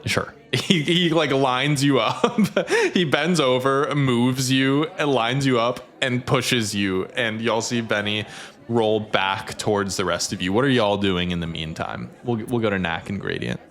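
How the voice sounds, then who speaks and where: A man narrating as game master, easygoing and quick to laugh. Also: medium pitch, fairly bright tone.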